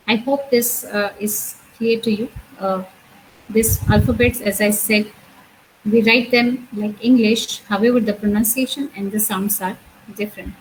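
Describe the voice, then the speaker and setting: A woman's voice: medium pitch, fairly even intonation, unhurried, slight background noise, rough recording. A woman teaching an introductory French lecture, explaining patiently and repeating each sound and word, with frequent "uh" and "okay". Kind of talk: recorded university lecture.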